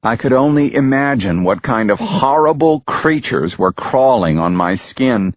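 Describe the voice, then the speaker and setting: A man narrating an audiobook in the first person, measured and grave. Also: medium pitch, lively intonation, dry recording. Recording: dull, muffled dry recording.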